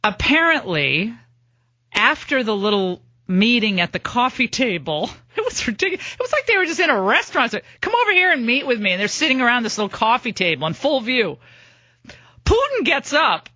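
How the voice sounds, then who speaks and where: A middle-aged woman hosting a political talk radio show, delivering a sarcastic, mocking monologue of rapid-fire lists. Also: a little high, bright, forceful tone, no room sound, highs cut off.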